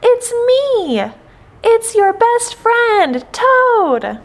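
A woman's voice: high-pitched, slow, full character voice. A woman doing an eager, fretful storybook toad. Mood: pleading. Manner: excited, pleading. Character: eager anxious male toad.

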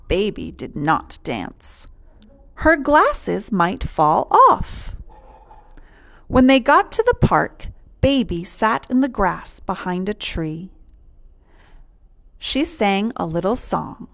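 A woman reading a children's picture book aloud in a slow, lilting storytelling way. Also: mid-range voice, very animated, creaky.

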